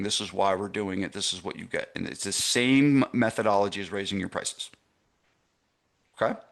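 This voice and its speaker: A man's voice: fairly low pitch, a bit bright. A middle-aged man teaching a live online masterclass for gym owners, stressing points and checking in with his audience. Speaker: gym business coach.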